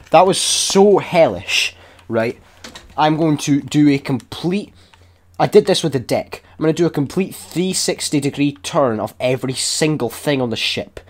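A young man giving sweary, excitable and sarcastic commentary while building in a video game. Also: mid-range voice. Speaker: gaming YouTuber. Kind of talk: casual gameplay commentary.

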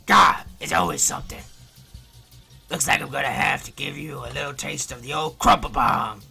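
A man voicing a blustering, pompous male villain commander in a video game, gruff and threatening as he barks orders. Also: mid-range voice, big pitch swings, moderate pace, pushed and bright, soft background music, pitched below the performer's own voice, heavily acted. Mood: annoyed.

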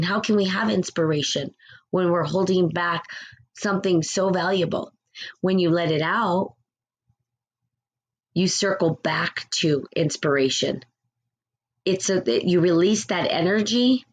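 A woman's voice: on the low side, breathy edge, rough recording. A woman talking through spiritual ideas in a casual, conversational way, reading short passages aloud and acting out quoted people as she goes. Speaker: spiritual teacher.

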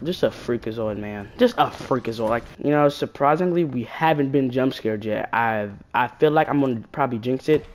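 A woman's voice: rumbling low, moderate pace, few pauses, slight background noise. A woman giving casual horror-game commentary, jumpy and slangy, yelping at scares and muttering banter to viewers. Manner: animated, jumpy, shrieks at scares then mutters. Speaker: gaming YouTuber.

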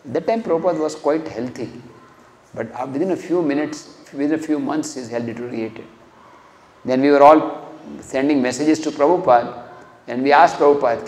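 A man's voice: medium pitch, fairly quick, a little mellow. A man giving an earnest devotional lecture, acting out quoted dialogue as he tells stories. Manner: earnest, acts out quoted dialogue with rising emotion. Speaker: speaker at a temple lecture. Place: temple hall. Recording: echoey hall.

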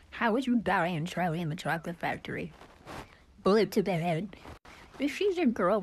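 A woman delivering short jokes in a dry, deadpan way. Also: on the low side, slight background noise, poor audio. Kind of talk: deadpan joke reading.

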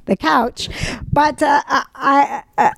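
Woman, podcast co-host, loose chatty storyteller, gravelly fry in the voice. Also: high voice, fairly even intonation, takes it slowly. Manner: chatty storyteller, laughs often, many fillers. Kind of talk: casual chat. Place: home couch.

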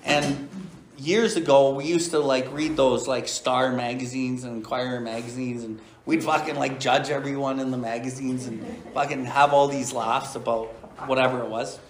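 A man's voice: mid-range voice, level tone, moderate pace. A middle-aged man hosting a recovery podcast, talking bluntly and profanely with many "right?" asides and reading aloud from a recovery book. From Canada. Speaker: recovery podcast host and sponsor. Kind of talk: blunt casual talk and Big Book reading.

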